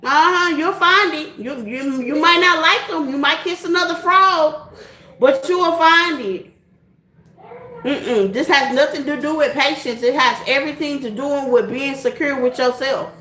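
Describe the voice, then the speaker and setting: A woman's voice: high voice, a little slow, bright, forceful tone, reverberant, a little hiss or hum. A middle-aged woman hosting a casual chat to her viewers, laughing often and repeating her points in a direct, folksy way. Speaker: tarot reader and channel host.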